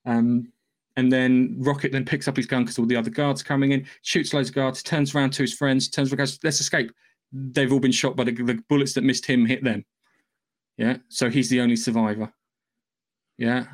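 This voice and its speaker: A man's voice: medium pitch, little pitch movement, a little fast. A man hosting a podcast, giving a loose, profane, rambling recap of a film's plot in casual chat. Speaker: podcast host.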